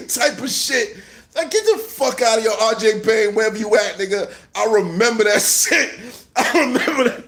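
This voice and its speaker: A man telling a mocking story in a loud, animated way, laughing often and shouting at times. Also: very high voice, unhurried. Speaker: host. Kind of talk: casual storytelling rant.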